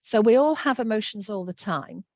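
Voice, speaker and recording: A woman's voice: medium pitch, expressive, normal speed, a little mellow, no echo, studio quality. A woman giving an online workshop talk, friendly and reassuring, reading out answers from the chat. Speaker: workshop presenter.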